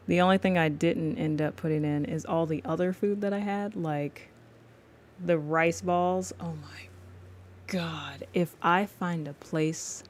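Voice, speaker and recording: Low-voiced, unhurried woman streamer. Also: slight background noise. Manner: chatty, laughs often, speaks to viewers as y'all. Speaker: livestreaming artist. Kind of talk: casual chat while drawing live.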